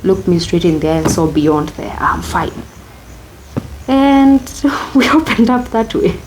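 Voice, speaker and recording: A woman's voice: fairly low pitch, animated, normal speed, noisy background. A young woman with a Kenyan accent, telling her own story as an interview guest, candid and reflective, slipping Swahili phrases into her English.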